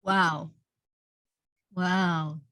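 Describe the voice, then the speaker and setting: A woman with a fairly low voice leads an online group workshop over a video call, showering participants with warm praise. The sound is dry and close, with little room echo. She often doubles her words as she encourages people. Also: steady tone, extremely slow. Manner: effusive, praising, repeats words. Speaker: workshop host and teacher.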